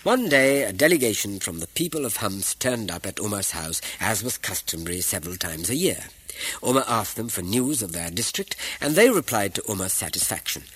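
A man narrating a story in an expressive, measured way. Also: fairly low pitch, slightly rough, no room sound, low-quality recording. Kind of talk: scripted narration.

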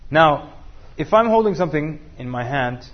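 A man's voice: a little high, expressive, moderate pace, dull audio. A man teaching a class, joking and asking the room questions. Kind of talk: interactive class talk with students.

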